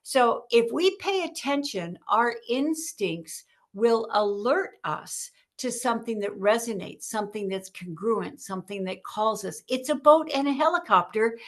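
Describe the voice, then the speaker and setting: A woman author, a guest on a podcast, telling stories in an animated way and acting out the voices in her stories. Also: fairly high pitch, a little slow, few pauses. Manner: animated storyteller, acts out quotes. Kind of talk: podcast interview storytelling.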